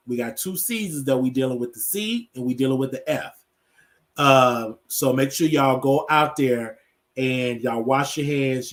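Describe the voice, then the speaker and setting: A man hosting his own show, chatting casually to his viewers, repeating phrases and calling them y'all. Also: fairly high pitch. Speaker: show host. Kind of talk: casual solo chat to viewers.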